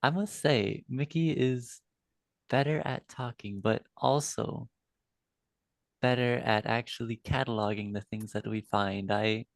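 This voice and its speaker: A man with a gravelly voice playing a tabletop game in character. He talks earnestly and a little naively, on a dry, close recording. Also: mid-range voice, a little slow, no room sound. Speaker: player.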